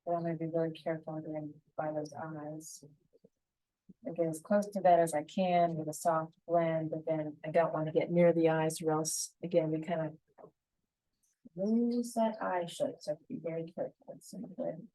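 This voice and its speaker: A woman teaching a painting tutorial, talking calmly and gently through each brushstroke. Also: low voice, normal speed, no echo, poor audio. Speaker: painting instructor.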